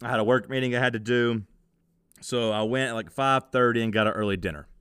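Smooth-voiced man telling rambling stories. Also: mid-range voice, fast talker, a bit bright, dry recording, clean studio sound. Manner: rambling storyteller, laughs easily. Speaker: podcast co-host. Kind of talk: casual podcast chat.

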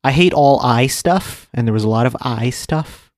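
A man's voice: mid-range voice, normal speed, no room sound, studio quality. A man co-hosting a casual podcast chat, making short, mild remarks.

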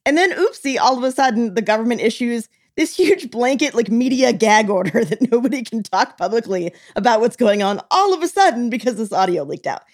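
A woman co-hosting a podcast, telling a news story in casual chat, animated and acting out quotes, often laughing. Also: on the high side, fairly quick, hardly any pauses. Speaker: podcast co-host.

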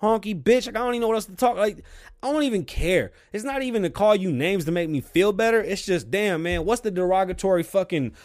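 Casting note: male host in a heated profane rant, slightly high voice, swings from loud bursts to low mutters. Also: expressive, fast talker. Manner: heated, swears constantly, swings loud and quiet. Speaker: show host.

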